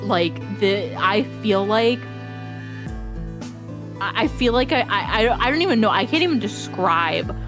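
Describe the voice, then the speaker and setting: A woman's voice: mid-range voice, expressive, measured pace, long pauses. A woman streamer ranting in exasperation about a game, swearing a lot in casual stream chat. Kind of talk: live-stream gameplay chat. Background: game music.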